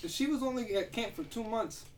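A woman's voice: fairly high pitch, moderate pace, a crowd in the background. A woman in casual chat about a movie, dropping dry asides.

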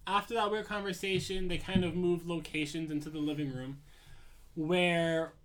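A young man walks through a film's plot in a loose, conversational way, leaning on fillers and restarts. His voice sits a little high for a man. He speaks casually and unscripted. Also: steady tone, moderate pace. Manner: rambling storyteller with many fillers. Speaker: podcast host recapping a film. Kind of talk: casual chat, retelling a movie plot.

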